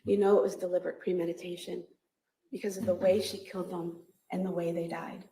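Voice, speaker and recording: Gravelly woman prosecutor in echoey courtroom. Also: on the low side, flat delivery, dark tone, slight background noise. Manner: measured, emphatic, builds through repeated phrases. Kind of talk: courtroom closing argument.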